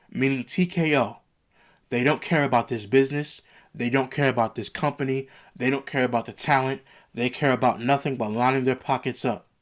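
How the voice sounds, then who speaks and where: A man ranting through a wrestling show review, heated and emphatic, repeating his points to the viewers. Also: mid-range voice.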